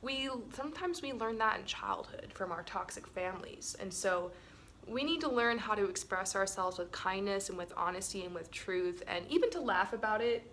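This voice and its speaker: A woman's voice: mid-range voice, expressive, moderate pace, fairly bright tone, a little hiss or hum. Chatty laughing woman giving relationship advice. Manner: chatty, laughs often, many "like" and "um" fillers. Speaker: relationship webinar co-host. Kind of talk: casual advice talk with partner.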